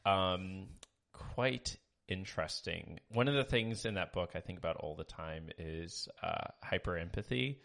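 A man's voice: low voice, measured pace, vocal fry, fairly bright tone. A man co-hosting a podcast, chatting casually and hesitantly with many fillers, reading listener reviews aloud. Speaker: podcast co-host. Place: small home studio.

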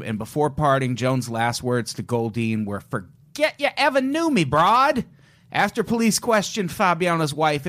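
Male podcast co-host, casual true-crime storyteller, wry asides, mid-pitched. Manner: joking, retells cases with asides.

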